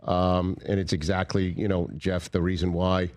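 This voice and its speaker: Male talk host, very low voice, sympathetic and conversational. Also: little pitch movement, moderate pace, darkish tone. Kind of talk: sports talk show hosting.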